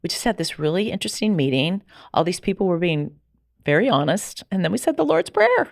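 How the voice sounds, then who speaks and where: Middle-aged woman, podcast guest, low gravelly voice, dry close sound, animated storytelling. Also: brisk, dry recording. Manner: animated, acts out quoted dialogue. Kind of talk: personal storytelling in a conversation.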